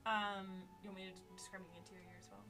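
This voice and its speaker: A woman playing a tabletop game, describing a scene off the cuff with many pauses and ums as she thinks aloud. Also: medium pitch, little pitch movement, pushed and bright, soft background music. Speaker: player.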